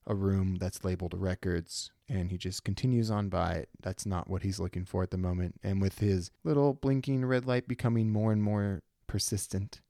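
A man narrates his solo tabletop game as a podcast host, relaxed and thinking aloud. His voice is low and mellow. The recording is close and dry. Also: vocal fry, no echo.

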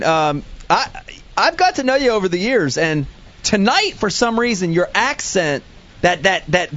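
A man hosting a comedic talk show, teasing his caller in an excitable way. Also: sits high. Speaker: host. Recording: dull lo-fi audio.

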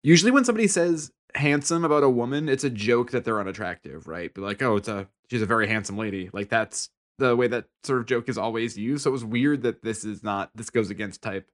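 A man's voice: medium pitch, fast, hardly any pauses. A man co-hosting a podcast in casual chat, making joking asides. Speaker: podcast co-host.

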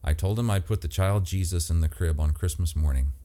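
A man voicing a plain-spoken, steady middle-aged woman who talks deliberately with little emotion. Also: deep voice, lightly acted. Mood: resolute.

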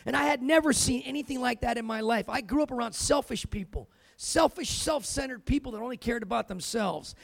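A man's voice: very high voice, brisk, vocal fry, few pauses, no room sound. A man preaching a sermon, telling his own story with emphasis and dropping in "amen" and "man" as he goes. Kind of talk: sermon with personal testimony.

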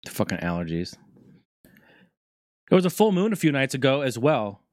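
A man hosting a casual talk show, rambling through news and stories in a profane, joking, animated way. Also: mid-range voice, moderate pace, dry recording, clean studio sound. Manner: profane, jokey, animated storytelling. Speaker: podcast host.

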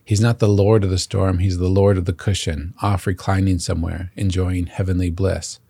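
A man's voice: low-pitched, flat delivery, moderate pace, vocal fry, dark tone, slightly rough, no echo. A man hosting a Catholic podcast, reading an earnest scripted reflection that includes long quotations.

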